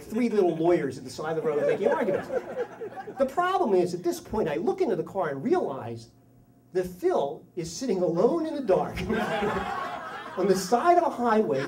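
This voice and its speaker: A middle-aged man tells a story live on stage in a self-mocking, animated way, acting out other people's lines. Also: fairly high pitch, recorded from a distance. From Delaware County, Pennsylvania. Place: story slam venue.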